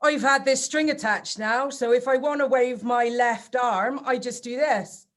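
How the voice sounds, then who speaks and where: Woman improv performer, high voice, playful, deadpan delivery. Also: measured pace. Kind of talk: improvised comedy scene.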